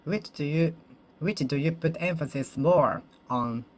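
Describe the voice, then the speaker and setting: Brief: native Japanese English learner, solo practice monologue, careful restarts and rephrasings, mid-pitched voice. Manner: repeats and rephrases each sentence, self-correcting; slow, careful, deliberate.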